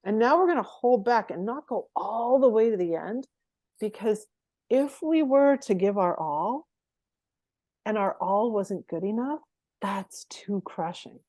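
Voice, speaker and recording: A woman's voice: medium pitch, expressive, measured pace, warm tone, no echo. A middle-aged woman performance coach, telling stories as a guest in a conversational interview and laughing often between phrases.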